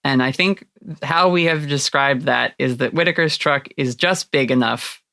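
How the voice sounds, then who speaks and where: A woman acting as game master, narrating a tabletop role-playing game in a lively way and laughing often. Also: extremely low pitch, normal speed, creaky, dry recording, clean studio sound.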